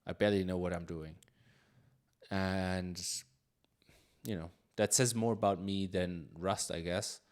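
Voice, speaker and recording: Slow, low-voiced man thinking aloud. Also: fairly even intonation, darkish tone. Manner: thinking aloud, musing with frequent fillers and restarts; reads chat questions aloud. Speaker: live-coding streamer. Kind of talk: casual live-coding chat.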